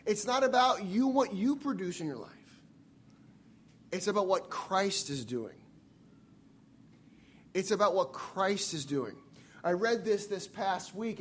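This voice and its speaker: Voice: medium pitch, a bit bright, breathy edge. A preacher delivering a sermon in an earnest way, repeating key phrases for emphasis.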